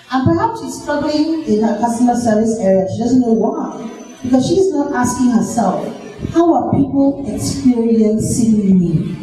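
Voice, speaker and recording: Brief: woman workshop leader, warm mellow tone, big reverberant hall, lively and questioning. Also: a little high. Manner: lively, asks the audience questions. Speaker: workshop facilitator. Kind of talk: interactive seminar talk. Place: large echoing hall. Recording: very echoey hall, faint music.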